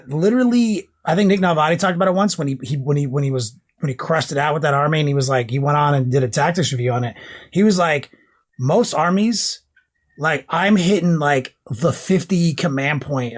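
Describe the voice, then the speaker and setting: A man with a somewhat high voice, co-hosting a casual podcast. He rambles in long, hyped runs of talk. He swears casually as he goes. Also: quick pace. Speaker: podcast co-host.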